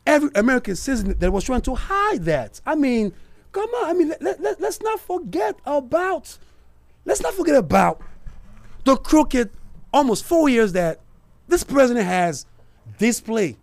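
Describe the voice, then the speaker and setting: A man's voice: extremely high pitch, very animated, normal speed. A man hosting a talk radio show, giving a heated political commentary and calling out to his listeners. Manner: heated and emphatic, addressing listeners directly.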